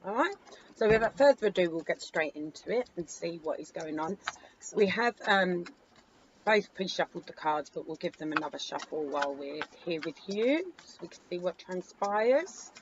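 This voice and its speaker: Woman, tarot reader, chatty, relaxed, mid pitch, slightly muffled recording, faint hiss. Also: normal speed. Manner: chatty, relaxed, with frequent ums. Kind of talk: casual tarot reading chat.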